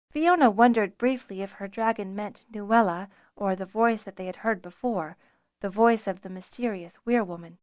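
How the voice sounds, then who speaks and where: A woman reads a fantasy audiobook in a measured, expressive voice at a mid-range pitch. The sound is close and dry, with no room around it. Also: dry recording. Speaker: audiobook narrator. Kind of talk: scripted audiobook narration.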